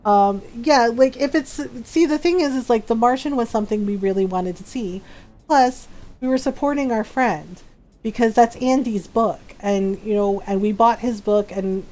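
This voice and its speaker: A woman's voice: fairly high pitch, moderate pace, dark tone. A woman streamer in casual chat on a live stream, telling an anecdote and laughing often as she acts out what people said. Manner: chatty storyteller, laughs often, acts out quotes. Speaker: game streamer.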